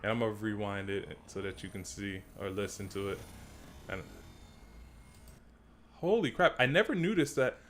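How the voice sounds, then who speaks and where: A man giving a casual, slangy commentary as he breaks down a movie trailer. He repeats himself, restarts phrases and climbs higher in pitch when he gets worked up. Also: animated, moderate pace, pauses often, slight background noise.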